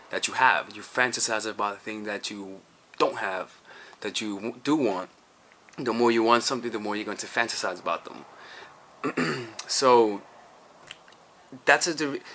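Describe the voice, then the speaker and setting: A man's voice: on the low side, bright, forceful tone, a little hiss or hum. A man giving casual dating advice as a coach, rambling with many restarts and checking in with "all right?" and "you see".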